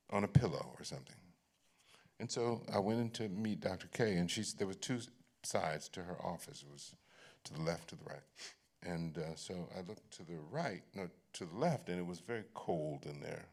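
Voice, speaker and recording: Man, low voice, gravelly, animated, candid storytelling, onstage guest. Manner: animated, laughing, repeats and restarts phrases. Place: library event stage.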